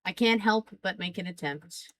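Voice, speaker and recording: A woman's voice: mid-range voice, moderate pace, a bit bright. A woman streaming a game live, chatting with her viewers in a playful, teasing way and laughing often. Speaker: streamer playing a farming game.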